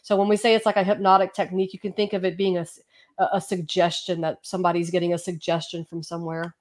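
A woman with a Southern US accent co-hosting a podcast, chatty and quick to laugh. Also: fairly low pitch, level tone, a little mellow. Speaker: co-host, doctor. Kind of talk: casual podcast talk.

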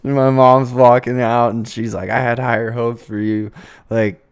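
A man's voice: medium pitch, flat delivery, normal speed, smooth, no room sound. A young man telling a rambling, profane story in a laid-back casual chat, full of fillers.

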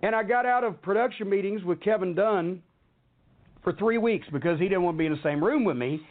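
Middle-aged guy ranting and swearing his way through an old story, kinda high voice, sounds like it's coming over a phone. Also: brisk. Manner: heated, cursing, rambling storyteller. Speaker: wrestling storyteller. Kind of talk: profane anecdote on a talk show. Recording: tinny phone-line audio.

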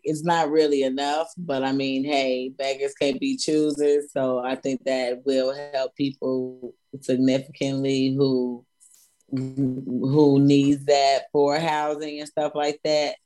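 A man co-hosting a podcast, speaking hesitantly and in a measured way. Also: mid-range voice, little pitch movement, darkish tone, soft background music. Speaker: podcast co-host. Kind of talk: casual podcast discussion.

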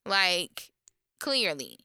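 Woman podcast host telling tea, super bright crisp voice, dry close sound, acts out what people said. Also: on the low side, very slow, no echo. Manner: animated storytelling, acts out quotes, swears freely. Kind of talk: casual chat recapping reality TV.

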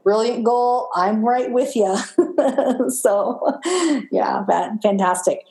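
A woman's voice: fairly high pitch, slow, dark tone. A woman podcast host, upbeat and encouraging, setting up a guest's reading. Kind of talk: casual chat. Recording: echoey room.

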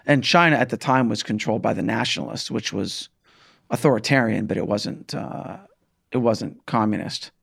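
A man in casual political discussion, halting with fillers and restarts. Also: on the low side, creaky, a bit bright, husky. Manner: hesitant, restarts, many fillers like "like" and "right".

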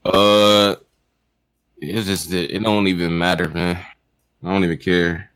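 A man's voice: low-pitched, little pitch movement, unhurried, fairly bright tone, smooth. A man co-hosting a casual podcast chat, laid-back and blunt, drawling through slang-heavy talk. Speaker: podcast co-host.

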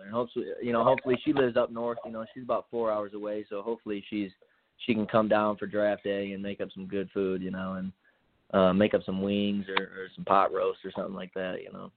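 A man's voice: fairly low pitch, steady tone, fast talker. A young man, a college football player, answering interview questions in a laid-back way with many fillers. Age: young adult. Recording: dry tinny phone line.

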